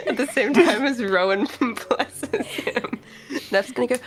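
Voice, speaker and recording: High-voiced woman player narrating. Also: wildly swooping pitch, soft background music. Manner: laughing, quick narration. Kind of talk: tabletop game chat.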